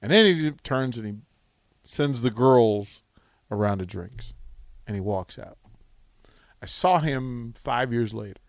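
A man hosting a radio talk show, telling a rambling, animated anecdote full of restarts, in a studio on a close mic. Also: mid-range voice, takes it slowly, no room sound. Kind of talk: casual radio storytelling.

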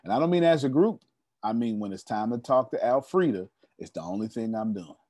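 A young man running a members' meeting gives an emphatic, preachy motivational talk built on stories, speaking straight to his listeners. His medium-pitched voice is expressive, fairly quick and a little mellow, with no room sound.

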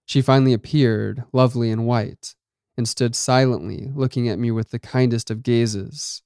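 Guy reading a first-person story, slow and dramatic, smooth voice, dry close mic. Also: mid-range voice, steady tone, a little mellow, dry recording. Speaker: narrator.

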